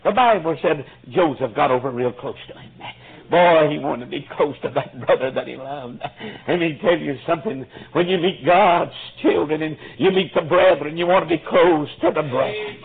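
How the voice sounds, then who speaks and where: A man preaching an impassioned storytelling sermon, fervent, with frequent fillers and sudden shouts, in a tinny, lo-fi recording. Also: on the high side, moderate pace, creaky.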